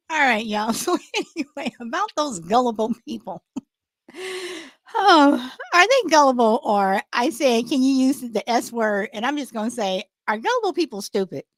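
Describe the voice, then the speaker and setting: A woman's voice: on the high side, big pitch swings, normal speed, no echo. A woman hosting a casual live chat show, rambling with many restarts and fillers. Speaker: host.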